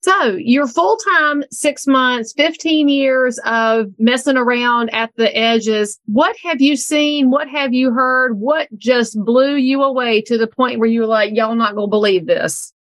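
A woman's voice: fairly high pitch, measured pace, hardly any pauses, fairly bright tone, no echo. A middle-aged woman hosting a podcast, chatting and joking with a guest in a casual way. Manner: chatty, joking, Southern-tinged phrasing. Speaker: podcast host. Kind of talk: casual interview chat.

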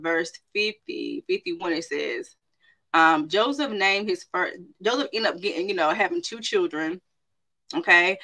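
Bright, emphatic woman preaching. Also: fairly low pitch. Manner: animated, emphatic, frequent "right?" and "okay?" tags. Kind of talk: sermon.

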